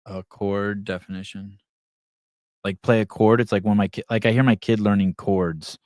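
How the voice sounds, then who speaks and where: A man hosting a live podcast, chatting casually and reading the chat aloud, rambling and swearing as he thinks out loud. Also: lowish voice, steady tone, normal speed, no room sound, clean studio sound.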